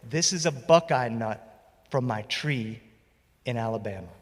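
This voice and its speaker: A man softly doing a gentle old Southern lady. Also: mid-range voice, a little slow, husky, in a large hall, voice pushed down. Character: elderly Southern woman storyteller, gentle and teasing.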